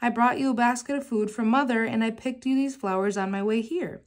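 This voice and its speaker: A woman's voice: a little high, brisk, natural voice. Woman doing a sweet little girl. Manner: bright, polite and innocent.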